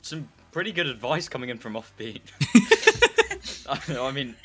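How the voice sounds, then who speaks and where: Hesitant bright-toned male caster. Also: mid-range voice, unhurried, faint music behind. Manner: hesitant, many fillers, laughs a lot. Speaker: esports caster. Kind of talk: casual esports commentary.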